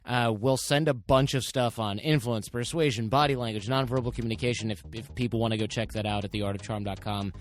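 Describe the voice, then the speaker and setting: Relaxed male podcast guest. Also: mid-range voice, fast, few pauses. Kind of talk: casual interview chat.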